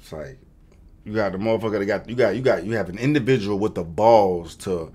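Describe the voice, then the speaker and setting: A man's voice: deep voice, brisk, darkish tone, slightly rough. A man giving casual reaction commentary, profane and slangy, tacking on bro and dog. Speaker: music reaction host.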